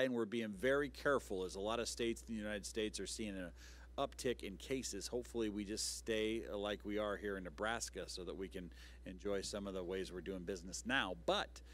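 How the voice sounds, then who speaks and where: A man hosting a live local TV talk show in a studio, chatty and upbeat with loose, rambling asides. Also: fairly low pitch.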